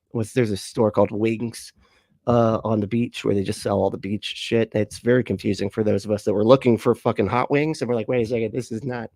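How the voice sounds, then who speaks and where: A man's voice: mid-range voice, a little mellow, no room sound. A man hosting a casual livestream, rambling with viewers, swearing freely and laughing often. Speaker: livestream host.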